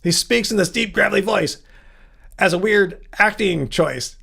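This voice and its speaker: A man's voice: sits high, expressive, creaky, fairly bright tone. A man hosting a live Q&A stream, reading chat comments and answering with playful sarcasm. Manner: sarcastic, playful, quick retorts. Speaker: livestream host.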